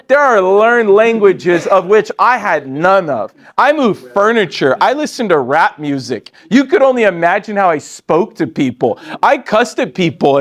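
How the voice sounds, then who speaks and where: Fortyish male trainer, voice sits a bit high, lively and joking, addresses the room directly. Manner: animated, joking, laughs often, talks straight to the room. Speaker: sales team trainer. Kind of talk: live training talk to an audience.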